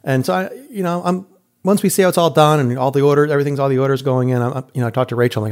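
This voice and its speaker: Middle-aged man, casual storyteller, animated, mid-pitched voice. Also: very fast. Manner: animated, acts out quotes, laughs often. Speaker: podcast host telling a story.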